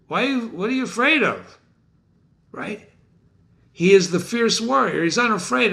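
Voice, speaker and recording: Animated, unhurried literature teacher, male. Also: sits high, vocal fry. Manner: questions the listener and rephrases quotes in plain words. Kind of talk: lecture on a play.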